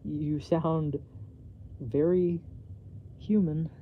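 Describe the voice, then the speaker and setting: A man's voice: a little high, unhurried, gravelly, a little hiss or hum. A man reading aloud, voicing a nervous, flustered young woman on a phone call, in a dull home recording. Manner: embarrassed, flustered deflecting.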